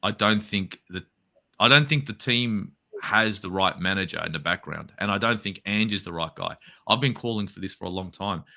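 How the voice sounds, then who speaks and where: A man's voice: sits low, sharp tone. An Australian man, a football fan guest in a casual interview, ranting heatedly and swearing a lot.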